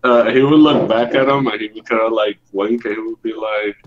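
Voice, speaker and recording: A man playing a tabletop game, relaxed and hesitant. His low voice comes through a dull, lo-fi microphone. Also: brisk, noisy background. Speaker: player. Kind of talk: tabletop role-play. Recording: dull lo-fi mic.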